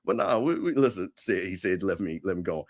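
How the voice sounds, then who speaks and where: A man co-hosting a sports talk stream, teasing rivals in an animated, repetitive way. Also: low-pitched, a little fast. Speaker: show co-host. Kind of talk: casual trash-talk commentary.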